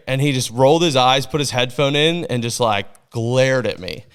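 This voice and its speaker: Chatty podcast host, smooth voice. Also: male voice, mid-range voice, normal speed, hardly any pauses, a bit bright. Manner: chatty storyteller with frequent fillers. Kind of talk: casual chat.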